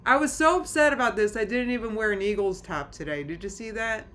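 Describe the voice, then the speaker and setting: A woman's voice: medium pitch, a little fast, fairly bright tone, slight background noise. Rambling, anxious woman streamer. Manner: rambling, anxious, many restarts and nervous laughs. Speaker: streamer chatting with live chat. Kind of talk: casual live-stream chat.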